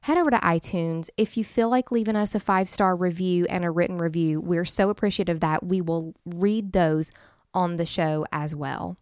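Give me a bubbly woman podcast co-host, lowish voice, recorded dry and close. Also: moderate pace, a little mellow, clear, resonant tone, no room sound. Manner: bubbly, laughs easily, reads listener reviews aloud. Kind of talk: casual podcast chat.

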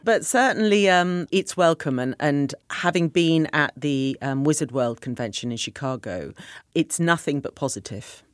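A woman's voice: low voice, lively intonation, moderate pace, no room sound, clean studio sound. Chatty, laughing woman guest. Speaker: actress guest. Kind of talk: interview answers.

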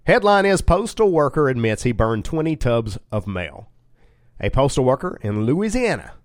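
A man's voice: mid-range voice, big pitch swings, normal speed, no room sound, studio quality. A man hosting a comic news podcast, reading headlines with chatty, jokey asides while groggy from cold medicine. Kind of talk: casual comic news chat.

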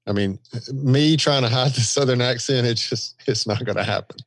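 A man's voice: medium pitch, normal speed. Easygoing joking podcast co-host man. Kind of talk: casual podcast chat.

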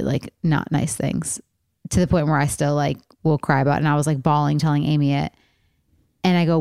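A woman's voice: deep voice, gravelly, dark tone, no room sound, clean studio sound. A woman hosting a podcast, talking candidly in a rambling way with many fillers and restarts. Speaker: podcast host. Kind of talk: candid casual chat.

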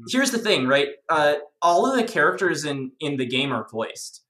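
Enthusiastic lore explainer for a podcast, rambling and chatty, sharp bright voice in a roomy space. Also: mid-range voice, big pitch swings, normal speed. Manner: rambling, enthusiastic, many fillers. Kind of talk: casual podcast chat.

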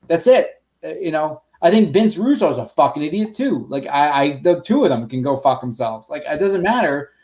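A man's voice: on the high side, big pitch swings, moderate pace, hardly any pauses, darkish tone. A man on a podcast ranting bluntly, swearing often in casual chat.

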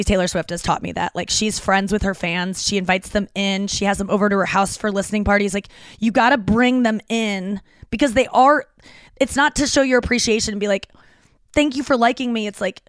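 A woman's voice: medium pitch, smooth, no room sound. A woman in her thirties, a comedian hosting a podcast, telling a long rambling story, swearing freely and acting out quotes.

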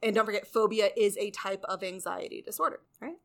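A woman's voice: medium pitch, steady tone, gravelly. A woman co-hosting a podcast, explaining facts in a casual way with playful asides. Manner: informative, quick asides, playful jokes. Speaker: podcast co-host.

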